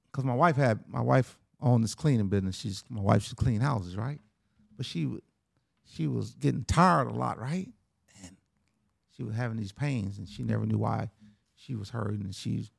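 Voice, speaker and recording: A man's voice: medium pitch, vocal fry, no room sound, studio quality. A middle-aged man telling a personal story in a casual, conversational way, often tagging lines with "right?" and "man".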